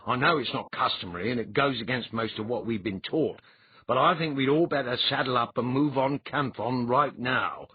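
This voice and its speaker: A man's voice: mid-range voice, moderate pace, husky, dry recording, voice pushed up. A man voicing a plain-spoken soldier who talks frankly and earnestly. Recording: dull lo-fi audiobook recording.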